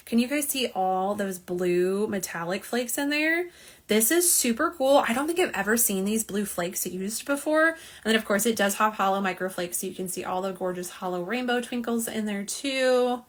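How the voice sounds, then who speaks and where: Filming on her phone camera, front and back, a woman hosts a live nail polish unboxing. Her mid-range voice sounds pushed and bright as she chats, reads viewer comments aloud, and pokes fun at herself.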